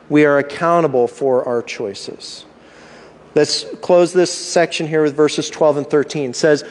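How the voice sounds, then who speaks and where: A man's voice: on the high side, animated, moderate pace, pauses often, long reverb tail. A man preaching a sermon as pastor, asking rhetorical questions and acting out inner thoughts with animation.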